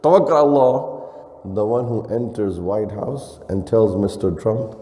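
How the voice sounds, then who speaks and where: Imam preaching in a reverberant hall. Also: male voice, lowish voice, a little slow, dark tone. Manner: preaching with Arabic phrases mixed in, rhetorical questions, acting out quotes. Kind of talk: sermon. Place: mosque hall.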